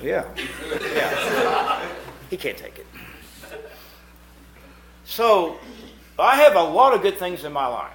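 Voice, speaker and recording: A middle-aged preacher delivering a sermon in a church, his voice fairly high and swooping all over. He drops to hushed asides, then rises to shouted points. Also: sing-song, takes it slowly, pauses often, noisy background. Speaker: pastor. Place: church meeting house.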